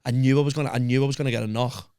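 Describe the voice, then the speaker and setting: A man's voice: mid-range voice, fairly even intonation, racing, a little mellow, smooth, dry recording, studio quality. A man with a Liverpool accent, a podcast guest telling a story in casual chat, swearing constantly and acting out the voices of people he quotes.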